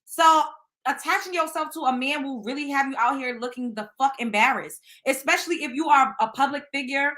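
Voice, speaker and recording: Woman, show host, casual gossip commentary, blunt and profane, bright tone, higher pitch. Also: a little fast. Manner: blunt, profane, talks straight to listeners.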